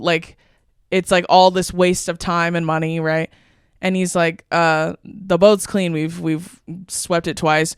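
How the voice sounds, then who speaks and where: A woman's voice: fairly low pitch, clear, resonant tone, no room sound, studio quality. A young woman co-hosting a podcast, chatting casually and telling long rambling stories with frequent laughs. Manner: rambling storytelling, laughs often. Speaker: podcast co-host.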